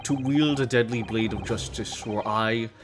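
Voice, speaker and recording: A man's voice: mid-range voice, noisy background, lightly acted. A man doing a grave, stern aristocratic prosecutor. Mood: somber. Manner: slow, grave, measured delivery. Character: stern, aloof aristocratic male prosecutor, middle-aged. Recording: game music playing under voice.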